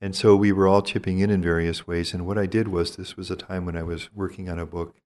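Deep-voiced older priest, gentle and measured. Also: male voice, little pitch movement. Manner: measured, gentle and thoughtful, with frequent pauses. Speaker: priest and retreat teacher. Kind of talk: reflective spoken teaching.

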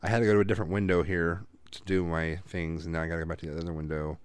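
Deep-voiced laid-back male host. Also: flat delivery, rapid-fire, smooth, no echo. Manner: laid-back, teasing, chuckling. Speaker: podcast host. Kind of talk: casual chat.

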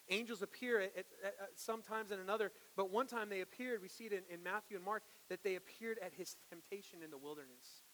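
A man preaching a sermon to his congregation, earnest, moving from hushed, slow lines to loud, emphatic ones. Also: high-pitched, slight background noise, poor audio. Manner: earnest, swings from hushed to forceful. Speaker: pastor.

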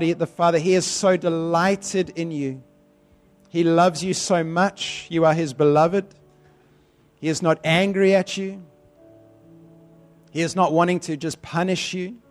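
A man with a high-pitched voice preaches and prays with fervor, repeating phrases to drive them home. Soft music plays faintly underneath him. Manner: fervent, repeating phrases for emphasis. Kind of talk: sermon with prayer.

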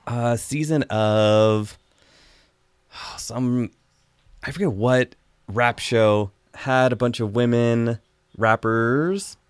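A man's voice: medium pitch, extremely slow, pauses often, clean tone, dry recording. A man hosting a casual podcast chat, reviewing a film in a rambling, chatty way with frequent laughs.

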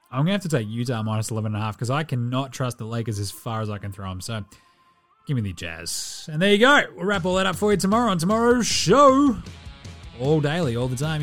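A man's voice: a little high, fairly bright tone. A man hosting a sports podcast, rattling through brash, casual sign-offs and plugs. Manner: brash, rapid plugs and banter. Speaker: podcast host.

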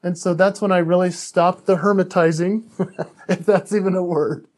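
A man's voice: sits high, fairly even intonation, normal speed, a little mellow. A man who is an author and speaker, a podcast guest telling a personal story in an earnest, candid way, often restarting his sentences.

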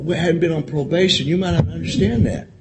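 A man's voice: a little high, a little fast, heavy background noise. A man telling his recovery story to a convention audience, candid and profane, talking straight to the crowd and repeating phrases for emphasis. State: emotional at times. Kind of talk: personal recovery share to an audience.

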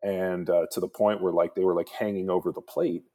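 A former pro football player, appearing as a podcast guest, tells stories in a deep, husky, warm voice with a level tone and a slightly fast pace. He's laid-back and rambling, leaning heavily on "like" and acting out the voices of people he quotes in this casual chat.

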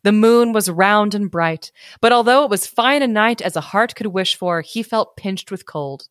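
A podcast co-host reading an old folk tale aloud, with a middle-pitched voice and a giggly habit of stopping for little asides. The recording is dry and close, with no room sound. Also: female voice, moderate pace, no echo. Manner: giggly, adds asides while she reads. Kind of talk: casual chat and reading aloud.

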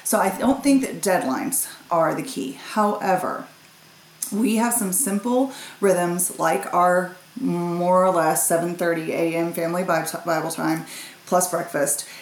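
A woman guest talking casually about family life, lively and quick to laugh. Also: on the low side. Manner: lively, laughs easily, talks in long runs. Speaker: guest parent. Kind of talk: casual conversation. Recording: echoey room with faint ambient noise.

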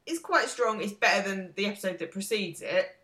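A woman's voice: medium pitch, animated, brisk, sharp tone. A woman in her thirties co-hosting a podcast, chatting thoughtfully and hedging her views. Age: 30s. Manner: thoughtful, hedging, laughs easily. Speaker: podcast co-host. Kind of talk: casual chat. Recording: roomy echo.

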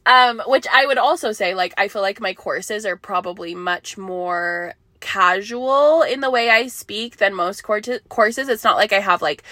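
A woman's voice: fairly high pitch, sharp tone, no echo, studio quality. A young woman hosting her own podcast, chatting casually and bubbly with lots of "like" fillers. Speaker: podcast host. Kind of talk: casual solo podcast chat.

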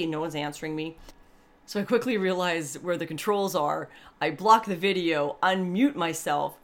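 Podcast host, woman, a touch low in pitch, candid rambling monologue with lots of asides. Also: animated, normal speed. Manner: chatty, rambling, with many restarts and asides; warmly earnest and grateful.

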